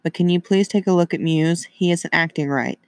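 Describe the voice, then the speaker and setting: A man's voice: on the high side, moderate pace, no room sound, clean studio sound, lightly acted. A man voicing an anxious, fussy middle-aged woman who dotes on her cat, gushing and pleading.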